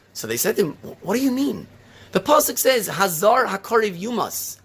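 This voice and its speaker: Rabbi guy giving a sermon, kinda husky, voice jumps all over, lots of "where is it?" questions. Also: high voice. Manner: animated, rhetorical questions, storytelling.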